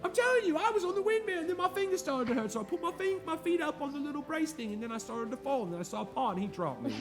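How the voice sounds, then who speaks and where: A man voicing an excited little farm boy who rattles off run-on sentences in a high, shouting voice. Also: fast, music in the background. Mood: insistent.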